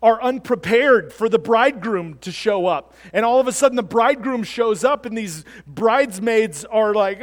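A man preaching a sermon in an animated way, often restarting his phrases and rising in pitch and force when he quotes. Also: normal speed, few pauses. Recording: long hall reverb.

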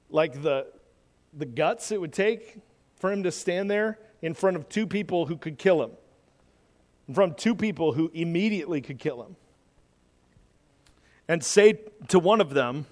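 A man preaching a sermon in an animated way, acting out the voices in the scripture he quotes. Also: high-pitched, big-room sound. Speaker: pastor.

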